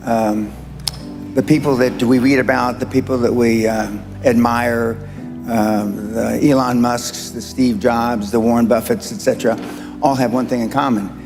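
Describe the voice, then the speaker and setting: A man's voice: mid-range voice, fairly even intonation, unhurried. An older man giving a blunt, brash motivational talk, heard in a played-back clip. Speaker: motivational speaker. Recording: played-back clip with long hall echo and music.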